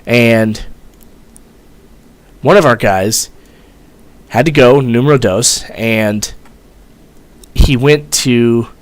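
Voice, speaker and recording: A man's voice: mid-range voice, very slow, pauses often. A young man, a former Marine, telling a story in a rambling, profane way, full of fillers. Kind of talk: casual storytelling vlog.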